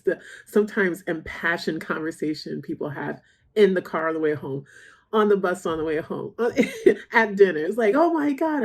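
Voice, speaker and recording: A woman's voice: on the low side, darkish tone. A woman hosting a reaction channel, talking casually to camera, chatty and rambling, open about her feelings.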